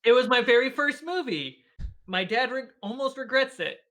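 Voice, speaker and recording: A man as a guest in a casual video-call interview, an animated storyteller who laughs often and acts out the lines he quotes. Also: extremely high pitch, normal speed. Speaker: guest, filmmaker and game master.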